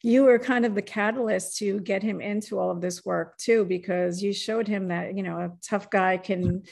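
A woman hosts a relaxed interview with a mid-range voice that has a gravelly rasp at its edges. She speaks warmly and personally and cheers on her guest. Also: mid-range voice, moderate pace. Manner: encouraging, conversational, personal and affirming. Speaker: podcast host. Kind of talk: casual interview chat.

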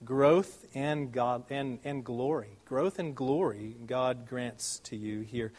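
A man preaching a sermon in an earnest, conversational way, stressing key words loudly and drawing others out softly, with rhetorical questions to the listeners. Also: mid-range voice. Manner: earnest, emphatic, with swings between loud stresses and soft, drawn-out words.

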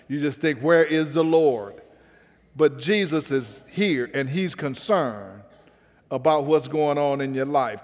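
A man with a high voice preaches a sermon in a rhythmic cadence, now and then calling on the congregation to answer back. His voice rings out with a long reverb around it.

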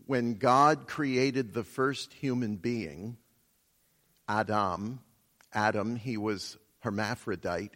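Slow-speaking preacher in a reverberant church. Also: male voice, mid-range voice. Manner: slow, measured teaching with many pauses. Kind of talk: sermon. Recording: long reverb of a church hall.

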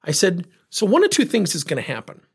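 A man's voice: sits high, wildly swooping pitch, brisk, vocal fry, breathy edge. A middle-aged man, a leadership speaker, telling a coaching story and acting out both sides of the conversation.

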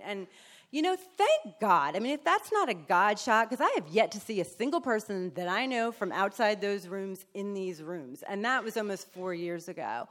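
A woman's voice: medium pitch, normal speed. A woman giving a candid, emotional personal testimony, speaking frankly with blunt swearing and acting out the people in her story. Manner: animated storyteller who acts out other people.

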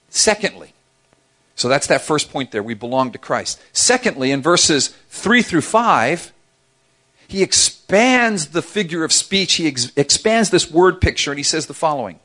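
A man's voice: on the high side, normal speed. A middle-aged man preaching a sermon as a pastor, telling stories with playful asides. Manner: animated storytelling with playful asides.

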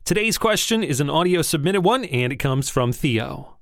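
A man's voice: a little high, expressive, moderate pace, gravelly, no room sound, clean studio sound. Upbeat male podcast host. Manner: upbeat, direct, casual. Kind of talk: podcast monologue.

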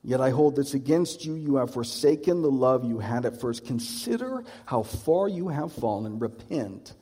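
A man's voice: mid-range voice, lively intonation, normal speed, dark tone, slightly rough, big-room sound. A man preaching a sermon, conversational and reflective, with many rhetorical questions.

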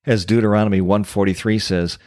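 A man in his sixties, a former pastor and ministry coach, giving an earnest personal testimony with slow, emphatic pauses. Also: lowish voice, fairly even intonation, a little mellow, no room sound, studio quality.

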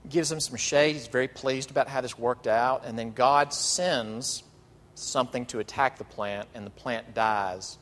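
A male pastor delivering an animated, emphatic sermon, drawing out key phrases. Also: medium pitch, a little slow. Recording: long reverb of a large hall.

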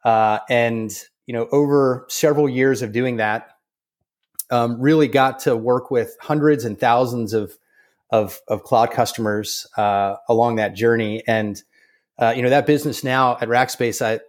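A man being interviewed as a guest, talking in a relaxed way with many fillers and restarts. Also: medium pitch, unhurried. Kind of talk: conversational interview.

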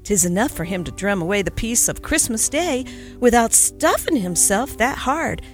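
A woman's voice: a little high, lively intonation, normal speed, soft background music, natural voice. A woman voicing a blunt, scolding old Irish housekeeper woman in a storybook reading.

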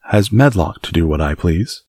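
A man's voice: low-pitched, expressive, normal speed, a little mellow, breathy edge, no room sound, clean studio sound. A man reading an audiobook voices a spoiled, sickly rich boy who speaks in a grand, commanding way. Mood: imperious.

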